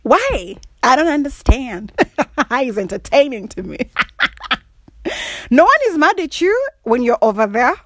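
A woman's voice: sits high, big pitch swings, unhurried, pauses often, no room sound. A woman chatting casually on her own show, teasing and playful, laughing often and checking in with "all right?". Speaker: podcast host. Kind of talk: casual solo chat.

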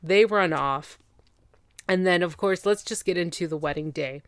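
A woman's voice: fairly low pitch, moderate pace, no echo, clean studio sound. A woman hosting a podcast, casually recapping reality TV in an opinionated, gossipy and exasperated way.

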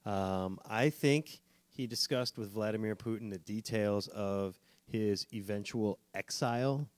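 A man co-hosting a talk show muses and jokes wryly in a fairly low voice. The sound is close and dry, with no room around it. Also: unhurried, no room sound. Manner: wry, joking, musing. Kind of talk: political talk show chat.

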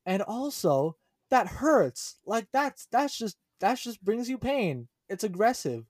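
A man co-hosting a casual podcast, chatty and animated, often laughing as he talks. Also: sits high, slow pace, no room sound. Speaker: podcast co-host.

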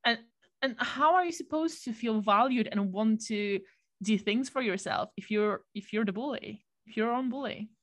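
A woman's voice: on the high side, moderate pace, fairly bright tone. Chatty, reflective woman. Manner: reflective, chatty, many fillers. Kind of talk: casual conversation.

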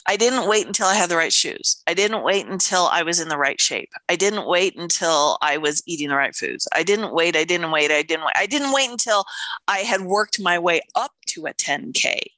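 A middle-aged woman author tells a story in a casual chat, her bright voice swinging widely in pitch with lively intonation at normal speed. She keeps slipping into other people's voices between bursts of laughter. The sound is close and dry, with no room sound.

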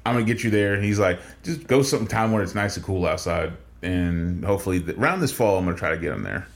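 A man's voice: sits low, animated, fast, creaky. A man in his thirties co-hosting a casual podcast chat, telling stories and acting out the dialogue. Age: 30s. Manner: storytelling, acts out dialogue. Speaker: podcast co-host.

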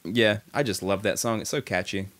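Enthusiastic New Zealand man, lowish voice. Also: a little fast, fairly bright tone. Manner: enthusiastic, effusive. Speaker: podcast co-host. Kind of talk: casual chat.

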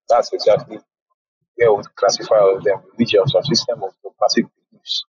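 A man in a casual online audio room discussion, arguing forcefully and often restarting his words. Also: lowish voice, breathy edge, no room sound, dull audio. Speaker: Clubhouse room participant. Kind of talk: impassioned discussion.

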